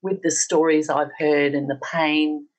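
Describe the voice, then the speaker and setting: A woman's voice: low-pitched, little pitch movement, measured pace, poor audio. A middle-aged woman with an Australian accent, earnestly telling her personal story on a podcast and acting out the dialogue she quotes. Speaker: podcast guest.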